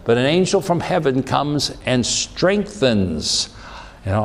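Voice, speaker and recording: A man's voice: mid-range voice, big pitch swings, takes it slowly. A man preaching a sermon in an emphatic, repetitive way, acting out the lines he quotes. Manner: emphatic, repeats words, acts out quoted lines. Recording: long hall reverb.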